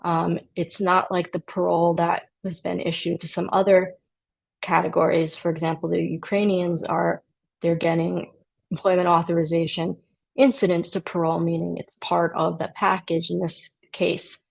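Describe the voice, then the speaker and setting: Low gravelly woman immigration attorney. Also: little pitch movement, normal speed, rough recording. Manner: conversational, dryly sarcastic asides. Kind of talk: explanatory talk to camera.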